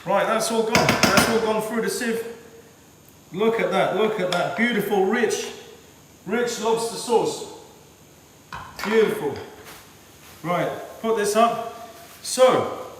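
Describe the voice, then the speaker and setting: A man's voice: high-pitched, animated, slow pace, pauses often, background noise. A man cooking at home who talks to the camera in a chatty way and repeats his words as he works. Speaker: home cook. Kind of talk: casual cooking demonstration. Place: home kitchen. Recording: echoey kitchen from far off.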